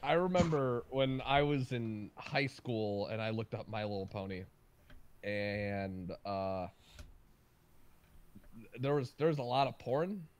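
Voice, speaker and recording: Excitable young man telling crude stories. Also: medium pitch, takes it slowly, long pauses, clean tone. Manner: excitable, profane storyteller. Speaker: livestream host. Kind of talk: casual chat.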